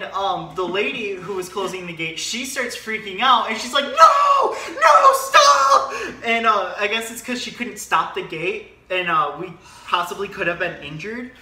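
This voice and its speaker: A man's voice: high voice, pushed and bright. A young man, a son in the family, telling a story casually and acting out the voices. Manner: tells stories, acts out voices. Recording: echoey room, mic at a distance.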